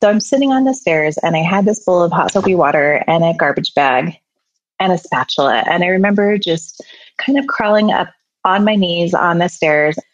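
A woman's voice: on the low side, expressive, moderate pace, no room sound. A middle-aged woman candidly telling a personal story in an earnest, emotional way. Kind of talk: personal story told to an audience. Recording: slightly dull sound, faint music behind.

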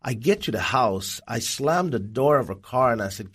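A man, a Christian evangelist, telling his life story as an interview guest in an earnest, animated way. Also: mid-range voice, moderate pace, few pauses, slightly rough. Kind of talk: personal testimony in an interview.

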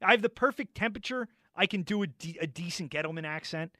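A man hosting sports talk radio, loud and mocking, arguing and ranting from a studio mic. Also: high voice, animated, quick pace, no echo. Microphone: studio microphone.

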